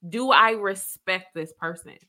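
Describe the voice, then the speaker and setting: A woman's voice: mid-range voice, unhurried, sharp tone. A woman co-hosting a podcast, speaking in an earnest, reflective casual chat. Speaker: podcast co-host.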